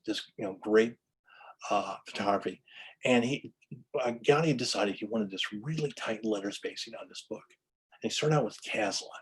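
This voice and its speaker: A man's voice: fairly low pitch, husky, rough recording. A man giving an enthusiastic lecture-style story about book history, full of restarts and stammers.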